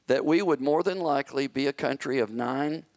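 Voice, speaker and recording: A male pastor telling a story in a sermon, acting out the characters and rising to shouted commands. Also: mid-range voice, moderate pace, no room sound.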